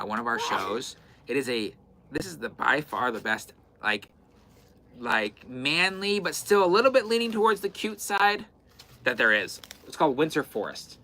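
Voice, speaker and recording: A man with a bright, forceful mid-range voice chats casually on a live-stream fabric sale, calling out item numbers repeatedly. He's broadcasting from an indoor fabric shop in the far north.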